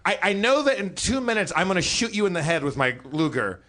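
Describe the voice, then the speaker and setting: A man voicing a paranoid, scheming male dictator in a deadpan, matter-of-fact way. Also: sits high, fast talker, heavily acted.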